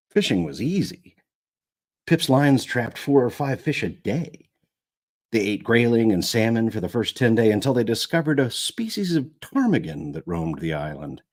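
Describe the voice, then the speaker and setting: A man's voice: medium pitch, darkish tone. A man narrating an audiobook live, going back over lines when he stumbles. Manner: rereads lines after stumbles. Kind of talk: reading an audiobook aloud.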